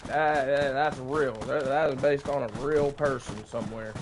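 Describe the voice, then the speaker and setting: A man's voice: mid-range voice, steady tone, normal speed, noisy background. A man with a Southern US accent, joking in casual livestream commentary while he plays a game, with a drawling country way of talking. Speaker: game streamer.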